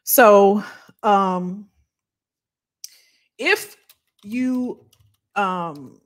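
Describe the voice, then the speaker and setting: A woman's voice: medium pitch, very slow. A woman career coach chatting casually with viewers on a livestream, laughing often and calling them y'all.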